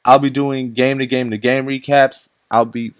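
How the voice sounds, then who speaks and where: A man's voice: mid-range voice, flat delivery, normal speed, clean tone, no room sound, clean studio sound. A young man giving unscripted, casual basketball commentary for his vlog, rambling, restarting sentences and using lots of slang. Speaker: basketball vlogger.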